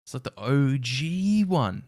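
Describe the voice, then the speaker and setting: A man's voice: mid-range voice, sing-song, slow pace, a little mellow, dry recording, studio quality. A man hosting a casual reaction commentary, wry and incredulous, laughing often. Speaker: reaction video host.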